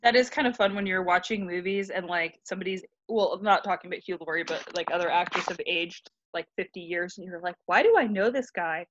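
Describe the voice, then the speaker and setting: A woman's voice: lowish voice, steady tone, quick pace, few pauses, a bit bright, highs cut off, a little hiss or hum. A woman co-hosting a podcast, retelling a story in a joking, irreverent, swearing way. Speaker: podcast co-host. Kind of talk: casual chat with profanity.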